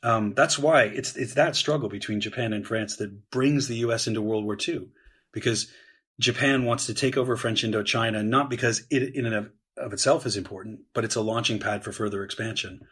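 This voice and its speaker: A man speaking as a guest historian on a podcast, explaining at length in a measured way with frequent "um"s and "right?"s. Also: lowish voice, a bit bright, slightly rough.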